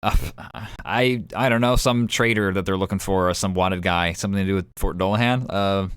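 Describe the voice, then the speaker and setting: A man voicing a young, nervous male clerk for the inquisitors, who speaks hesitantly and stammers, higher than his own voice. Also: brisk, fairly bright tone, smooth, no room sound. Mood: flustered.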